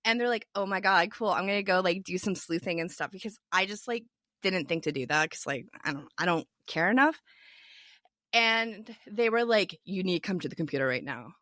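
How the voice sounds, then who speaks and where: A young woman tells a story as a podcast guest, quoting each person in turn with lively energy. Her voice is bright and forward. The sound is dry and close, with almost no room in it. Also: fairly low pitch, fairly quick, no room sound. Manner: animated storyteller, quotes others in a lively voice. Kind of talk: casual storytelling chat.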